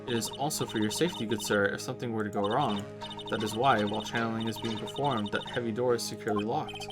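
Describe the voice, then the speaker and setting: A man's voice: fairly low pitch, steady tone, fast talker, over music, natural voice. Cold, formal older noblewoman, haughty and stiff, read by a man. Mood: stern. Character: stern, formal older female spirit-medium aunt.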